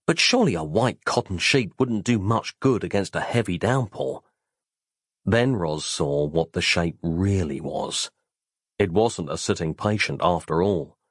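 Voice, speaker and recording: A man narrating an audiobook in an animated, playful storytelling manner. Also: lowish voice, no room sound, studio quality. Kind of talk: scripted narration.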